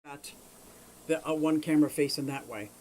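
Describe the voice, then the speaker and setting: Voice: medium pitch, moderate pace, darkish tone, slight background noise, poor audio. A host of a fishkeeping livestream from Pennsylvania chats casually and rambles from home beside the fish tanks. The host greets viewers by name and talks into a camera mic. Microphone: camera mic on a short cable.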